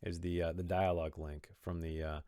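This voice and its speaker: A man's voice: low-pitched, flat delivery, a little fast, mellow, smooth, no echo, studio quality. A man talking through a story he wrote, explaining his choices in a thoughtful, rambling way with many restarts. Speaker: author discussing his own story. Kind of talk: reflective commentary on his own writing.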